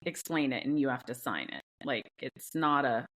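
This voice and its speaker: A woman's voice: very deep voice, lively intonation, normal speed. A woman co-hosting a podcast, a nurse, explaining procedures in a matter-of-fact, casual way. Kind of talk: casual chat.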